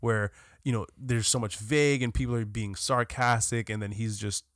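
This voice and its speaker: A podcast co-host, a man with a medium-pitched, fairly bright voice, talks casually and animatedly about a film, swearing and restarting sentences often. His tone is steady at a moderate pace, and the studio sound is clean with no echo.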